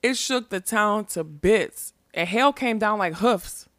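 A woman's voice: medium pitch, animated, slow pace, fairly bright tone, no room sound, studio quality. A woman voicing a dazed townsman who speaks matter-of-factly. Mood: insistent. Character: dazed townsman, plain-spoken.

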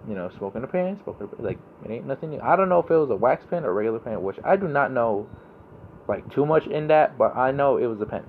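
A man's voice: mid-range voice, animated, fast talker, narrow, tinny audio, a little hiss or hum. Rambling, laid-back young man. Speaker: podcast host. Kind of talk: casual monologue.

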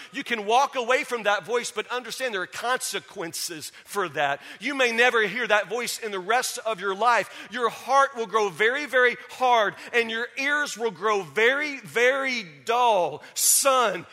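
A man's voice: sits high, sharp tone, in a large hall, voice pushed up. A man voicing a patient, earnest father counseling his son and repeating words for emphasis.

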